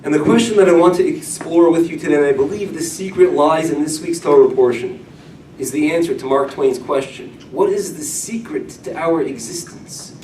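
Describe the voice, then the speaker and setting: A middle-aged man preaches a Torah class, his voice swinging from loud emphasis to hushed storytelling. He sounds set back from the mic in a roomy, echoing hall. A faint murmur of room noise sits underneath. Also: a little high, brisk. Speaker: rabbi. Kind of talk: sermon-style Torah class. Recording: echoey room, mic at a distance.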